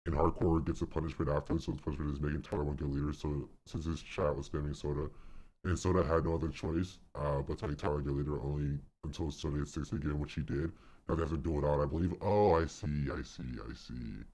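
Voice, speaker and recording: A man doing a deep-voiced impression of a male streamer, slow, booming and mock-serious. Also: fairly even intonation, darkish tone. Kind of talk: live stream reaction.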